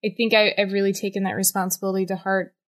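A young woman hosts a relaxed interview conversation. She talks in an earnest, reflective way and encourages her guest, in a mid-range everyday voice. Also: mid-range voice, fast talker. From Western North Carolina, USA. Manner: thoughtful, earnest, warmly encouraging. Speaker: host. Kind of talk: casual interview chat.

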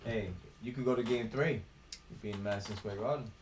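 A man's voice: lowish voice, fairly quick, darkish tone, a little hiss or hum. A man co-hosting a sports podcast, teasing and needling the others in casual banter. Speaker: podcast co-host.

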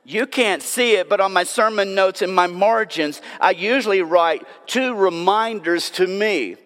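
A man, a pastor, preaching a sermon, telling self-mocking stories and then dropping to hushed, drawn-out words. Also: high voice. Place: church sanctuary. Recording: long hall reverb.

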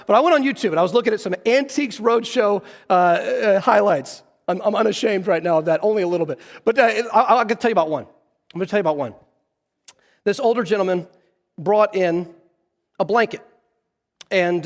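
A man's voice: sits high, long reverb tail. A man preaching a sermon, telling a story earnestly and restarting his phrases often. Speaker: pastor. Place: church sanctuary.

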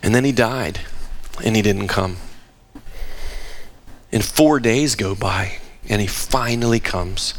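A man preaching a sermon, asking rhetorical questions and dropping to hushed tones for emphasis. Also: slow, pauses often. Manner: dramatic, drops to hushed low tones for emphasis; asks the audience rhetorical questions.

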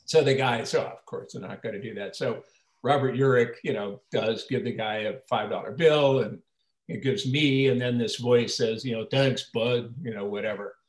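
A man's voice: mid-range voice, normal speed. An older man, an actor interviewed as a guest, telling long rambling anecdotes with many restarts and acting out the quoted lines. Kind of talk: casual storytelling interview. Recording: roomy echo.

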